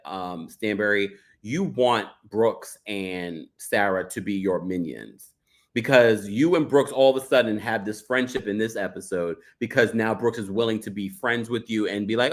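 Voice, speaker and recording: Host, male, chatty recap, lively swooping pitch, plays the cast in quick bits. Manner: animated, dramatic impressions of cast members. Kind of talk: casual recap chat reading super chats.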